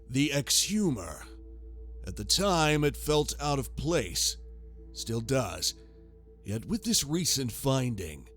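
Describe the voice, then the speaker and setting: A man giving a grave, scripted sci-fi horror narration. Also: medium pitch. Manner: slow, grave storytelling.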